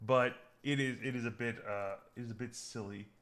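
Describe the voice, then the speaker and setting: A man co-hosting a podcast in casual chat, rambling with lots of restarts and getting animated when something amuses him. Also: medium pitch, brisk, a crowd in the background. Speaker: podcast co-host.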